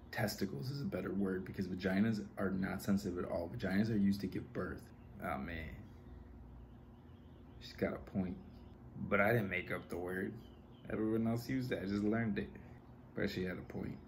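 A man doing stand-up, telling a story in a deadpan way and acting out both sides of a conversation. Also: low voice, moderate pace, a little hiss or hum. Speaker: stand-up comedian.

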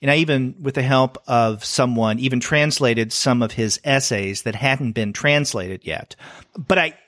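A man's voice: mid-range voice, measured pace, a bit bright, no room sound, clean studio sound. A middle-aged man co-hosting a podcast, chatting casually and thinking aloud with fillers and restarts. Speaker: podcast co-host. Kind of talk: casual comics review chat.

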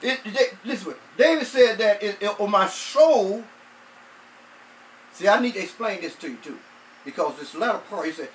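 A man's voice: sits high, expressive, a bit bright, far from the mic, rough recording. A man, a pastor, preaching a sermon, repeating phrases and stretching out words for emphasis. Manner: repetitive emphatic preaching, drawn-out stresses.

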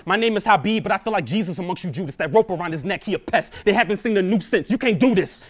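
Young male battle rapper with a high voice; confrontational, punchline-heavy delivery, repeats lines for emphasis. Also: expressive, fast. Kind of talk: live battle rap verse.

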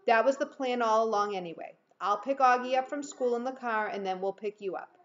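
A woman's voice: a little high, brisk, muffled recording, lightly acted. A woman voicing a worried, apologetic mother of two in a read-aloud storybook. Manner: anxious, apologetic.

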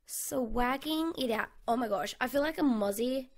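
Bubbly young Australian woman with a gravelly edge. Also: sits high, moderate pace. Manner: chatty and bubbly, thinking aloud with fillers. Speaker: gaming channel host. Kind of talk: casual gameplay commentary. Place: home bedroom. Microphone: USB condenser mic.

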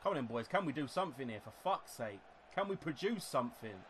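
A young man commentating live on his football video game, ranting, swearing and shouting angrily at the players. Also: mid-range voice, very animated, fast talker. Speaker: gaming YouTuber. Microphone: desktop USB microphone.

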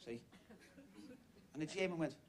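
A man doing stand-up on a TV studio stage, telling jokes in a quick, punchy way and chuckling at his own lines. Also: a little high. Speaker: stand-up comedian. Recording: loud studio audience laughter and noise.

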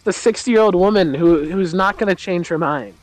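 A man talking as a guest on a livestream, telling stories in a halting, stammering way. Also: sits high, soft background music, poor audio. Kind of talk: casual chat, telling anecdotes.

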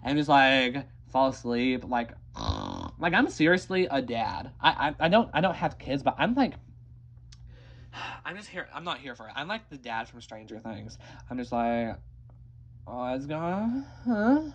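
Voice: mid-range voice, wildly swooping pitch, a little slow, muffled recording, full character voice. A performer voicing a bumbling ostrich puppet in a comedy show, rambling and crude. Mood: fed up.

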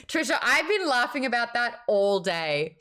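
A woman hosting a casual livestream book chat, talking in a chatty, animated way and reading viewer messages aloud. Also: a little high, normal speed, soft background music. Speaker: host.

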